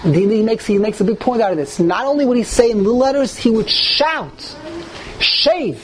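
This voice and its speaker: Guy with a pretty high voice teaching a class, reads stuff out loud and gets really emphatic, faint room hum. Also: quick pace. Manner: emphatic, animated, reads texts aloud and explains them. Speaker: religious teacher. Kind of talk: lecture to a live group.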